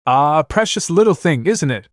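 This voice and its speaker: A man's voice: fairly high pitch, expressive, normal speed, no echo, clean studio sound, voice pushed up, close to an everyday voice. A man voicing a stern older male noble lord who speaks bluntly and commandingly.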